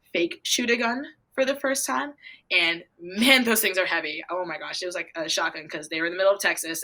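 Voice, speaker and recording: A teenage girl tells her stories in a bubbly, chatty way, acting out her own excited reactions as she goes. Her voice is bright, and it sits a little low. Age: teens. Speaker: young equestrian guest. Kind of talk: casual interview answers.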